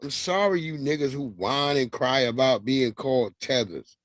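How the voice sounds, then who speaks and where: A man's voice: mid-range voice, moderate pace, no room sound. A man hosting a livestream, talking in a loose, profane, slangy way and laughing as he tells stories. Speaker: livestream host. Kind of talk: casual commentary monologue.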